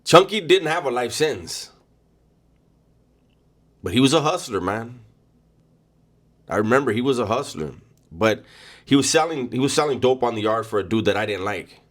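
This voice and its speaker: A man's voice: medium pitch, animated, normal speed, pauses often, a bit bright. A man telling a first-person story in a casual, blunt way, full of street slang and cursing.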